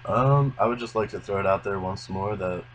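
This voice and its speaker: Deep-voiced young male musician. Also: brisk, a little hiss or hum, rough recording. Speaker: musician guest. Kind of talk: casual interview chat.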